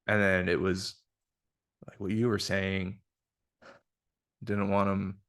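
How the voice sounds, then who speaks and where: A man's voice: low-pitched, flat delivery, unhurried, gravelly, pauses often, fairly bright tone. A man hosting a podcast, telling a personal story in a frank, casual way, with lots of swearing and filler words. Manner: frank, profane, filler-heavy retelling. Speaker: podcast host. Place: indoor room with guest. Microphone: single shared microphone.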